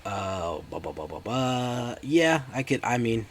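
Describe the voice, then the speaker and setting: A man's voice: mid-range voice, big pitch swings, unhurried, slight background noise. A man giving casual, chatty commentary while streaming a card game and talking to his live chat.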